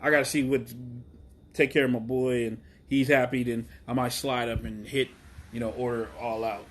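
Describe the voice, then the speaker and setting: A man's voice: medium pitch, normal speed. Profane, rambling man ranting about wrestling. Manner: profane, rambling, excitable with many fillers. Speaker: wrestling podcast host. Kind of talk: solo casual rant.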